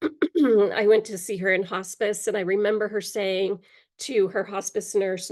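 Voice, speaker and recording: Speaking with a somewhat dark tone at a normal middle pitch, this middle-aged woman shares personal stories as an interview guest. Her delivery is frank but hesitant, full of pauses and fillers, and allergies make her clear her throat occasionally.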